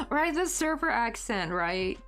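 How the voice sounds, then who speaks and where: A woman's voice: a little high, fairly bright tone. A woman from Tennessee with a light West Tennessee Southern accent, chatting casually and rambling with lots of fillers while she crochets on a livestream. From Tennessee, United States.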